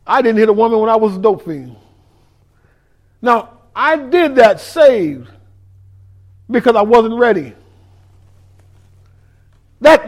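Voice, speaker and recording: A man tells his story of faith and the streets. He talks emphatically and drops low and quiet when he gives a warning. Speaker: guest telling his testimony. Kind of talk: storytelling testimony.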